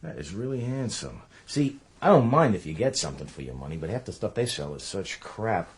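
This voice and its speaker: A man's voice: fairly low pitch, big pitch swings, brisk, breathy edge. An actor playing a middle-aged New York police officer, dry and joking as he reassures his wife in a radio drama. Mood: grumbling. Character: middle-aged male New York cop, wry and weary.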